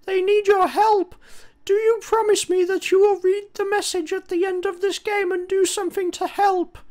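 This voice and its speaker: A man voicing an earnest, sad toy teddy bear who speaks in a high, sincere, pleading way. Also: little pitch movement, normal speed, darkish tone.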